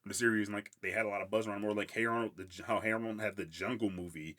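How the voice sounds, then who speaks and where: Casual podcast host, male, lower register, talks fast and loose. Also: fairly even intonation, pushed and bright. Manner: rambling, lots of "like", laughs often. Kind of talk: casual solo commentary.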